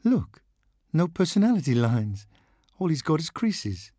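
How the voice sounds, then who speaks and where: A man voicing a cheerful female fortune teller dressed as a witch, in a high, coaxing sing-song voice in an audiobook reading. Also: big pitch swings, a little slow, warm tone, no echo, clean studio sound. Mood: puzzled. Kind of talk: audiobook narration.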